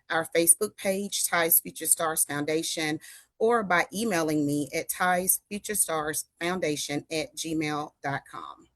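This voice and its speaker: An older woman answers interview questions over a video call. She speaks in a composed, earnest and measured way. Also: on the low side, fairly bright tone, dry recording. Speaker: guest, foundation founder.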